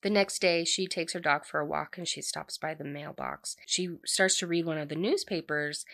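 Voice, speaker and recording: A woman's voice: deep voice, fairly bright tone, no echo, studio quality. A young adult woman retelling a story in a chatty, casual way, with lots of "like" and laughing asides.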